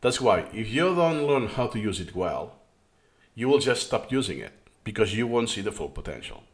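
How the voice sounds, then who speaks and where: A man's voice: fairly low pitch, sing-song, normal speed. A man who speaks English as a third language, explaining a study method in a reaction-style lesson with frequent restarts. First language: not English. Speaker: course host.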